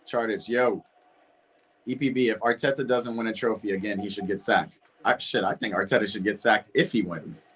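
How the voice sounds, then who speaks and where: A man's voice: on the low side, moderate pace, a bit bright, slightly rough. A young man hosting a football watch party stream, chatting casually and reacting to the match and his viewers. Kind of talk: casual live reaction chat.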